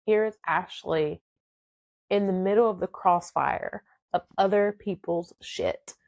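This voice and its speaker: A woman's voice: on the low side, creaky, no echo. A woman, emotionally and dramatically telling a personal story on her podcast.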